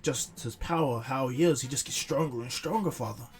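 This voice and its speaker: A man's voice: mid-range voice, a little fast, faint music behind, natural voice. A man voicing an earnest, worried young warrior from the future.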